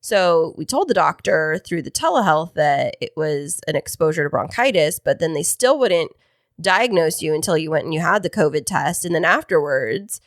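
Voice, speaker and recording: A woman's voice: deep voice, expressive, moderate pace, dry recording, studio quality. A woman co-hosting a casual podcast, talkative and teasing. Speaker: podcast co-host. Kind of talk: casual chat. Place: home podcast studio.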